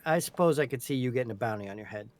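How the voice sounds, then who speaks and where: A man's voice: medium pitch, lively intonation, racing. A man chatting and laughing with friends on a live stream, explaining things at length. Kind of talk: casual banter on a live stream.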